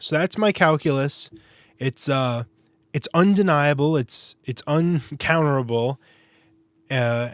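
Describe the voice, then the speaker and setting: A man's voice: a little high, no echo. A man hosting a show, casually giving opinionated, wry and sarcastic predictions. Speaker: boxing podcast host.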